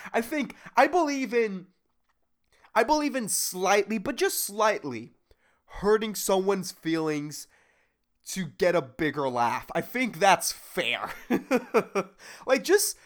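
A man hosting a solo comedy podcast, rambling and swearing, laughing at his own jokes. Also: high voice. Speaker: podcast host.

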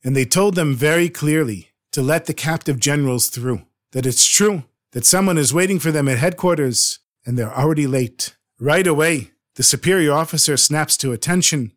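A man narrates a dramatic story with earnest expression. His voice sits a little high for a man, and he shapes each scene carefully.

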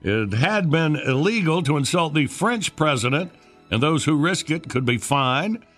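A man hosting a morning radio show, running a trivia game with lively, upbeat banter. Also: fairly high pitch, a little slow, soft background music. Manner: lively, upbeat announcer delivery.

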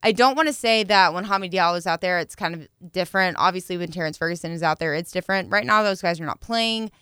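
Bright, bubbly young woman talking sports. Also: fairly low pitch, clean tone, no room sound, clean studio sound. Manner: playful and bubbly, quick to laugh and joke. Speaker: sports podcast co-host. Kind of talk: casual sports talk.

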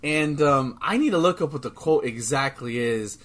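A man co-hosting a podcast in casual chat, excitable, swearing freely and restarting his sentences often. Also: mid-range voice, moderate pace. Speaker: podcast co-host.

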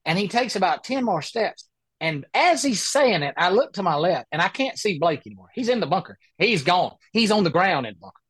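A man with a voice pitched a little high for his sex spins a long, animated yarn as a podcast guest. He rambles and restarts as he goes, and the sound is close and dry, with no room around it. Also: fairly quick, breathy edge, dry recording. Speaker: guest, professional golfer. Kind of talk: casual storytelling interview.

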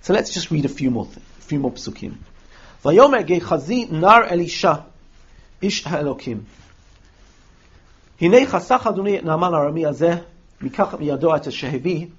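A high-pitched man leads a text study lesson, his voice husky and a little breathy. He reads verses aloud and acts out the characters' words with lively energy. The recording sounds dull and lo-fi. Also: normal speed, pauses often. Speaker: Torah teacher.

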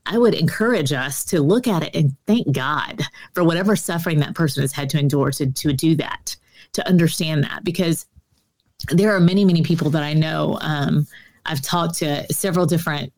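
A woman guest on an interview podcast, who is an author and speaker, tells earnest stories full of fillers in a conversational setting. Her voice sits low and is a little mellow, delivered at a moderate pace.

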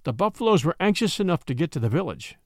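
Rich: An expressive male storyteller reading a classic tale aloud, his pitch lively and sitting a little high for a man. The recording is close and dry. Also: fast, no echo. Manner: expressive, acts out the voices. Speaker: narrator. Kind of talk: storybook narration.

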